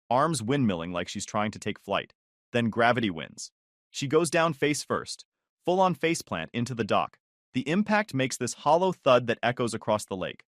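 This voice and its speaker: A man's voice: medium pitch, no echo. A man narrating a first-person story in a dry, sardonic way.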